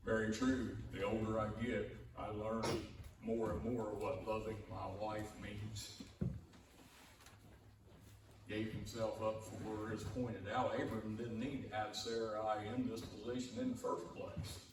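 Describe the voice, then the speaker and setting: A man preaching a sermon as pastor, in a slow, conversational way that rises in emphasis when he quotes scripture. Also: fairly low pitch, flat delivery. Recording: echoey hall, distant mic, room noise.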